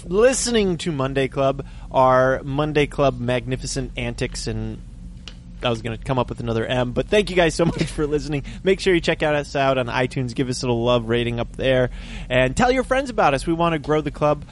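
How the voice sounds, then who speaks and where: A man's voice: mid-range voice, fairly quick, slight background noise. A man co-hosting a casual podcast, talking in an easy way with many fillers as he reads out the show plugs. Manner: relaxed, filler-heavy, does the show plugs. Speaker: podcast co-host, magician. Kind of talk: casual chat.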